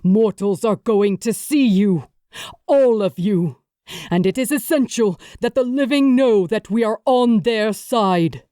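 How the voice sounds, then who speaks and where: A woman's voice: medium pitch, animated, unhurried, warm tone, no room sound, clean studio sound, close to an everyday voice. A woman reading an audiobook, voicing a grieving male warrior king giving an urgent, rallying speech to his army. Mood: urgent briefing.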